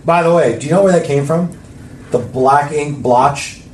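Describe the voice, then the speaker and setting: A man's voice: on the high side, moderate pace, a little mellow, roomy sound, a little hiss or hum. A man telling a story in casual podcast chat, rambling and swearing freely. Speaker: podcast co-host.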